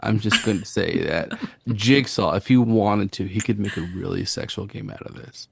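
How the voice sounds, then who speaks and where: A man's voice: on the low side, moderate pace, gravelly, background noise. A man co-hosting a podcast, talking in a joking, playful and emphatic way. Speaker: podcast co-host. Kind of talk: casual podcast chat.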